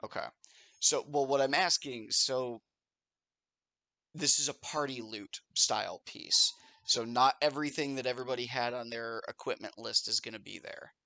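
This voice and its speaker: A man's voice: mid-range voice, moderate pace, sharp tone, dry recording. A man narrating a tabletop role-playing game as game master, explaining the rules patiently between bits of story.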